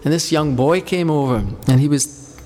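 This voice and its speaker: A man's voice: on the high side, moderate pace, in a large hall. A man leading a devotional group, talking informally and telling rambling anecdotes between questions. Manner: rambling, anecdotal, warm storytelling.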